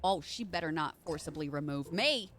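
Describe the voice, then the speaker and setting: A young woman streaming a video game live, reacting excitably with swearing and panicked shrieks. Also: low voice, normal speed, slight background noise.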